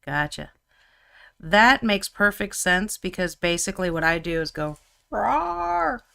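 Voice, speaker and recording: A woman's voice: lowish voice, moderate pace, bright, forceful tone, clear, resonant tone. A woman chatting casually and teasing her co-host while she paints miniatures on a live stream. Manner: chatty and teasing, often laughing.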